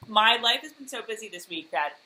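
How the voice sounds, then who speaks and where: Woman co-host, casual chat on a video call, animated and bright, many "um"s. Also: on the high side, a little fast, slight background noise, low-quality recording. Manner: giggly, rambling with many fillers. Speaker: podcast co-host.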